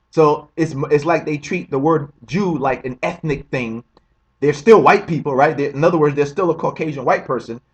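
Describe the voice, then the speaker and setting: A man's voice: medium pitch, slightly rough. A man hosting a commentary video, talking emphatically, repeating himself and firing off rhetorical questions with a tagged-on "right?". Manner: keeps asking the listener "right?". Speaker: religious commentary host.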